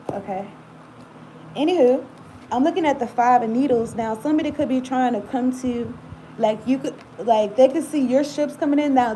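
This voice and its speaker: Fairly high in pitch but dark in tone, this tarot reader's voice comes through a rough recording with a little hiss or hum. She is casual and rambling, laughing often and talking directly to the viewer with frequent asides.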